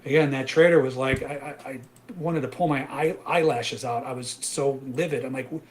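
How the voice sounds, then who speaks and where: A man's voice: mid-range voice, steady tone, normal speed. A middle-aged man hosting a live trading webinar, ranting emphatically and often tagging "right?" onto his points. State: out of breath. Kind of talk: animated live webinar rant.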